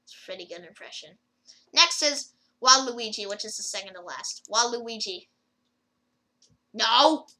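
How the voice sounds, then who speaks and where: A woman's voice: fairly high pitch, expressive, unhurried, long pauses, bright, forceful tone, rough recording. A woman rambling casually through a gameplay video, with lots of fillers and restarts as she comments. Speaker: gaming video creator.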